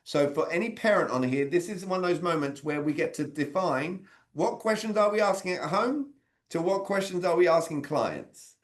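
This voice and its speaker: A man with a fairly high voice coaches a group over a video call. He keeps the talk conversational, stopping to put questions to people by name. His tone is that of an interactive training session on sales communication. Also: moderate pace.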